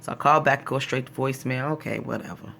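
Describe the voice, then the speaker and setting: A woman's voice: extremely low pitch, fast talker, creaky, a bit bright, slight background noise. A woman vlogger telling a story in a casual, exasperated rant, acting out what people said to her. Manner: exasperated, retells conversations in quoted voices.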